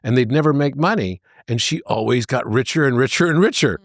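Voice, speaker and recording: A man as a podcast guest, telling anecdotes in an animated way and jumping into high voices for the characters. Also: brisk, no echo. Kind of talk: conversational storytelling.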